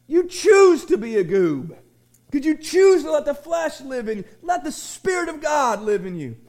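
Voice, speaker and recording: A man preaching a sermon as pastor of a small church, folksy and rambling, with many restarts and shouted refrains. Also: very high-pitched, sing-song, normal speed.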